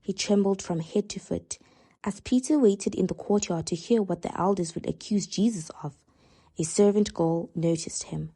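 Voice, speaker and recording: Husky, mellow woman reading a storybook. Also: mid-range voice, moderate pace. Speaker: storyteller reading a children's ebook aloud. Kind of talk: scripted read-along narration for children.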